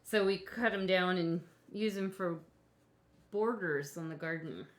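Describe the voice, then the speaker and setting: Playful low-voiced woman co-host. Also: unhurried. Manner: playful, laughs easily, chatty. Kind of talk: casual chat.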